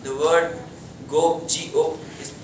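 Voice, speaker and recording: A man's voice: a little high, level tone. A young man student, presenting in class and often correcting himself. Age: young adult. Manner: halting, self-correcting. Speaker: college student. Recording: echoey room, distant mic, noise.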